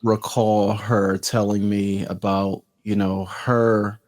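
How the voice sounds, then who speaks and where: A man hosts a relaxed interview, speaking in a somewhat low voice. He feels his way through his questions, restarting and repeating words as he goes. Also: slow pace. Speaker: podcast host. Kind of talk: casual interview.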